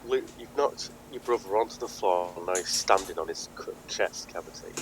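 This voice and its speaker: A man's voice: deep voice, fairly quick, a little hiss or hum, poor audio. A man narrating as game master, in a playful way and laughing easily.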